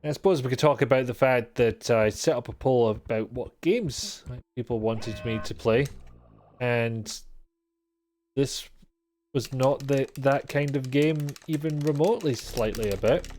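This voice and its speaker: A man's voice: mid-range voice, unhurried, darkish tone. A man streaming a video game live, commenting in a sweary, exasperated and sarcastic way.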